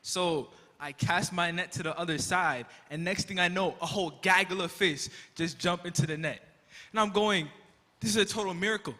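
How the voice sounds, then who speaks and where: A young man plays Peter the fisherman, an excitable disciple who rambles with comic energy. His voice sits fairly high and sounds very bright. It rings out through a long, reverberant school hall. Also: moderate pace. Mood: overjoyed. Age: young adult. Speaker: student actor in a school skit. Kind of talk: stage skit acting. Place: school auditorium.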